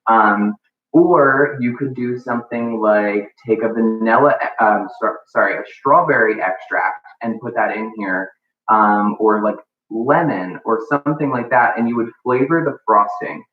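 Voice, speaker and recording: A man talks through a baking demo in a relaxed, rambling way, filling pauses with ums and likes. He is some way off the mic in an echoey room, and the sound is thin and phone-like. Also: fairly low pitch, distant mic, soft background music. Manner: casual, chatty, many ums and likes. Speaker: baking instructor. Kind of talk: live cooking demonstration.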